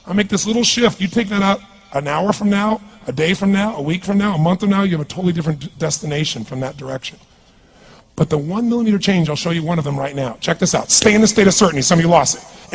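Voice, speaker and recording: A man's voice: sits high, fast, gravelly, slight background noise. A man giving an intense, commanding motivational speech on stage and calling for responses from the audience. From California. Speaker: motivational speaker.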